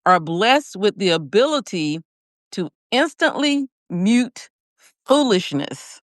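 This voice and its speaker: A woman's voice: mid-range voice, sing-song, slow, no echo, clean studio sound. A woman hosting a casual live chat, reading out questions and laughing often. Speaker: host.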